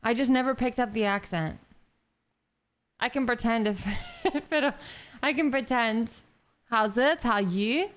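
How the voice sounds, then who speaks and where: A woman streamer speaks in a light, playful way, taking her time between words. Her voice sits fairly high, and she keeps an easy, unhurried pace. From United States. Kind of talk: casual stream clip.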